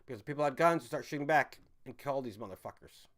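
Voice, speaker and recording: A man in a middle register ranting on his live stream. He swears constantly and swings between loud outbursts and low muttering, now and then stopping to read out the chat. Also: expressive, fast. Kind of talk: profane live-stream rant.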